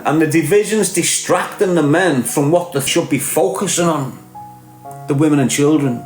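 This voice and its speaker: A man's voice: on the high side, normal speed, darkish tone. A man with a Liverpool accent hosting a casual livestream, rambling and emphatic, talking straight to his listeners. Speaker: podcast host. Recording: echoey room with music playing behind.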